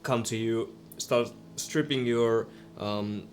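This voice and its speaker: Slow halting man running a tabletop game. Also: mid-range voice, fairly even intonation. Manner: halting, many fillers. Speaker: game master. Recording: background music.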